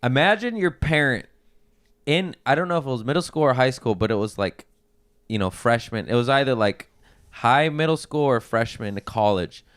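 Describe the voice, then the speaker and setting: A man telling crude family stories in a casual podcast chat, loud and animated, with squealing voices for his relatives. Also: mid-range voice, moderate pace, clean tone, no room sound, clean studio sound. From Mexican-American family. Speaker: podcast guest.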